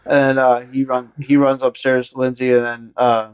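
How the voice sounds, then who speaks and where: A man co-hosting a podcast, recapping a horror movie in casual, rambling chat full of swearing, now and then slipping into quick voices for the characters. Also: mid-range voice, level tone, clear, resonant tone. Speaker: podcast co-host. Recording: dull lo-fi podcast audio.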